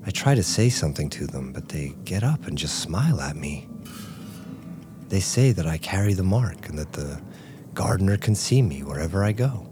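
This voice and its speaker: A man narrating an audio drama in a hushed, drowsy voice, as if drugged and sleepy, sometimes dropping to a whisper. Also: sits low, big pitch swings, normal speed. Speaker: narrator and lead character. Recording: voice over loud music score.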